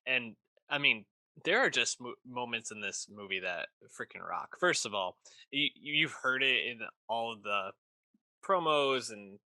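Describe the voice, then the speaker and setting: A man's voice: medium pitch, animated, unhurried, sharp tone, dry recording. A man co-hosting a podcast, talking about a film with enthusiasm and casual swearing. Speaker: podcast co-host. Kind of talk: casual film review chat.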